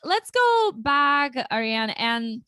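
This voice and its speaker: Woman hosting a livestream chat, kinda high voice, upbeat, restarts a lot, dry sound. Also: very animated, takes it slowly, sharp tone, dry recording. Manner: chatty and upbeat, with frequent restarts. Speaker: livestream interview host. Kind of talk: casual chat.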